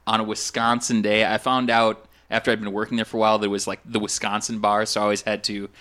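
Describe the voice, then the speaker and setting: A man's voice: on the low side, flat delivery, quick pace, pushed and bright. A man from Minnesota chatting casually on a podcast, telling rambling, jokey stories. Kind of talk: casual chat.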